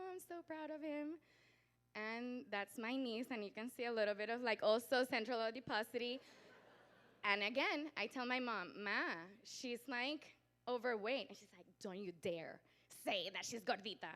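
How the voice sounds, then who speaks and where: A woman doctor lecturing at a conference with a voice that sits a little high. She tells her stories with lively energy, playing out her patients and family members and breaking into laughter. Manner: animated storyteller, acts out patients and family; laughs often, talks with growing volume. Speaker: pediatric doctor giving a conference talk. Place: conference hall.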